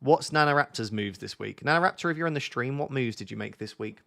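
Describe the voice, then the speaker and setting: Gravelly young man hosting a stream. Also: medium pitch, quick pace, bright, forceful tone. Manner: joking, teasing. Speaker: livestream host. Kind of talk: casual chat.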